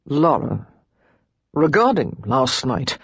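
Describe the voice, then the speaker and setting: A woman narrator voicing a brooding aristocratic man in a romance audiobook, low, quiet and halting. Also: very animated, slightly rough, dry recording, full character voice. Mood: gruff. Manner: low, quiet and halting, sometimes near a whisper.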